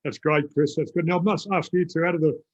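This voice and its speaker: A man's voice: on the high side, steady tone, fast talker, muffled recording. An Australian man, a guest and former pro footballer, chatting on a video call in an upbeat, rambling way with many fillers. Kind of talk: casual chat on a video call.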